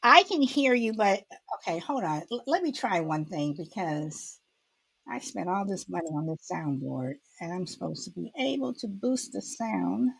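A woman's voice: on the low side, lively intonation, moderate pace, gravelly, slightly rough. A woman hosting a casual live audio chat, talking in a rambling way with lots of fillers and restarts. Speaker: host.

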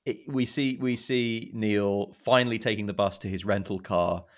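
A man co-hosting a casual film podcast, telling scenes with animated retellings and quoting lines. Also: fairly low pitch, normal speed. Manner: animated, quotes movie lines with gusto. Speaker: podcast co-host. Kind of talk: casual film review chat.

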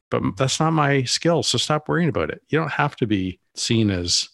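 A man's voice: mid-range voice, expressive, a little fast, few pauses, a bit bright, no echo, studio quality. A man co-hosting a business podcast, talking casually and rambling with many restarts and asides. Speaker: podcast co-host.

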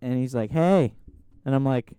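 A man's voice: medium pitch, moderate pace, dark tone, clear, resonant tone, dry recording. A young man telling a long story in casual chat, rambling with lots of filler words and swearing. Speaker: podcast host.

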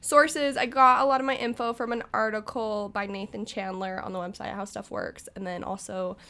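A woman's voice: mid-range voice, fairly even intonation, moderate pace, vocal fry, sharp tone. A woman hosting a podcast. She tells a mystery story in a casual, enthusiastic way and laughs often. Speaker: podcast host.

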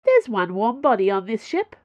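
A woman reads as an eager young engineer in a serialized audio story, her voice pitched up high and bubbling with glee. Each line bounces up and down with excitement, recorded dry and close. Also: normal speed, no room sound, highs cut off. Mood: musing.

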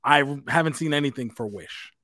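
A man co-hosting a pop culture podcast, chatting in a relaxed way with the odd swear word. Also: mid-range voice, normal speed, dry recording, clean studio sound. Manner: chatty, relaxed, occasionally profane. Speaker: podcast co-host. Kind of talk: casual chat.

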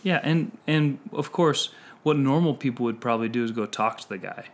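A man's voice: medium pitch, fairly quick. A man chatting casually on a podcast, telling a self-mocking story and often laughing at himself. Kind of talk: casual chat.

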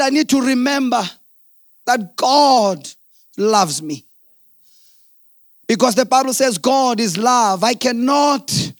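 A middle-aged man preaching a sermon, swinging from shouted, sing-song peaks to low, quiet asides. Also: no echo, clean studio sound. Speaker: pastor.

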